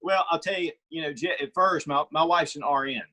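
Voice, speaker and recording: Middle-aged male guest, husky, raised voice register, opinionated storyteller. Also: fairly high pitch, fairly quick, pushed and bright. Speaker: guest, firearms reviewer. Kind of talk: casual interview chat.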